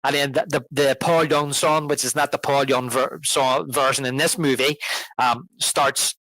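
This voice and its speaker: A man's voice: medium pitch, fairly even intonation, moderate pace, fairly bright tone, poor audio. Talkative man co-hosting a film podcast. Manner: rambling, many restarts and fillers, retells scenes. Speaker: podcast co-host. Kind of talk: casual film discussion. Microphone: podcast microphone.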